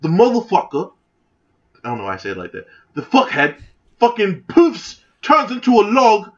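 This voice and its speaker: A man's voice: low-pitched, fairly even intonation, racing, bright, forceful tone, pitched below the performer's own voice. A man doing an over-the-top, badly faked British accent as a rowdy, swearing pub bloke. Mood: outraged. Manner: profane, exaggerated, self-admittedly terrible British accent. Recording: lo-fi, dull sound.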